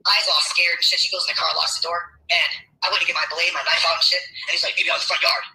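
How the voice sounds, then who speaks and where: A man's voice: fairly high pitch, flat delivery, racing, vocal fry, bright, forceful tone, rough recording. A man telling a rambling personal story in a played clip, full of filler words and swearing.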